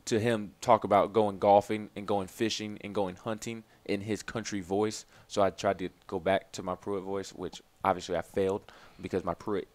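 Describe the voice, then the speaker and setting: Very deep-voiced sports radio man. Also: flat delivery, moderate pace, hardly any pauses, a little mellow, dry recording. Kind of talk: casual sports talk.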